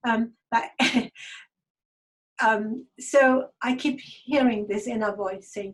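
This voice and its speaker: A woman telling a personal story to an online group over a video call, halting and hesitant, with many fillers and restarts. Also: fairly high pitch, fairly even intonation. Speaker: guest speaker. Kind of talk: personal testimony talk.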